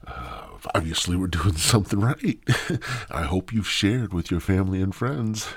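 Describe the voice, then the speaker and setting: A man's voice: low-pitched, sing-song, normal speed, slightly rough, dry recording. A man hosting a podcast in a rambling, crude, goofy monologue full of swearing. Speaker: podcast host.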